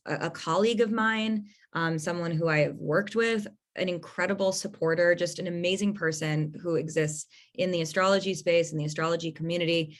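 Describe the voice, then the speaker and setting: An effusive young woman hosts an astrology podcast, gushing and laughing easily as she chats. Her voice sits a little low for a woman. She talks casually and drops the odd swear. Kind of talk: casual chat.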